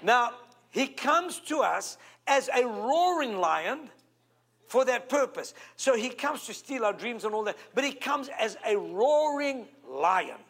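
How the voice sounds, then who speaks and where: High-voiced South African preacher. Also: male voice, slow pace, gravelly. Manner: animated, stretches key words, calls for amens. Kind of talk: sermon.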